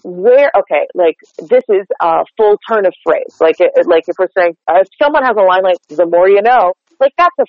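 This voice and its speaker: An American man working as a dialect coach, explaining his technique in an animated, chatty way and acting out example lines. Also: high-pitched, brisk, hardly any pauses, no room sound, dull audio. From United States. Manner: animated, explanatory, demonstrates lines aloud, many fillers like "like". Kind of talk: interview guest explaining technique.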